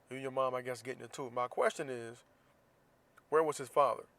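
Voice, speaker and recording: A man's voice: medium pitch, steady tone, quick pace, a bit bright. A man from Florida hosts a podcast, talking alone in a casual monologue. His delivery is blunt and heated, with plenty of profanity. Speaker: podcast host.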